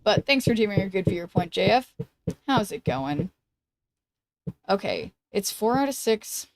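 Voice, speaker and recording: A woman streamer chatting casually while she plays a card game, thinking aloud and greeting viewers, with a voice that is going hoarse. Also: mid-range voice, sing-song, a little slow, a little hiss or hum. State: losing her voice. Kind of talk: casual gameplay commentary.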